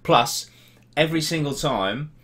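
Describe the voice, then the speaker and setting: A man's voice: fairly high pitch, animated, measured pace, a bit bright, husky. A young man from Norwich with a Norwich accent, chatting casually on a live stream, reading out comments with laddish, sweary banter. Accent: English, Norwich. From Norwich, England.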